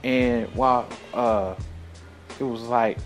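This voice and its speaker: A man talks through a long personal story in a loose, slangy and constantly profane way, sighing as he goes. His voice sits in an ordinary middle pitch for a man. Faint music plays quietly behind him. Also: little pitch movement. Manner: loose, slang-heavy, swearing constantly, drawn-out sighs. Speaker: show host.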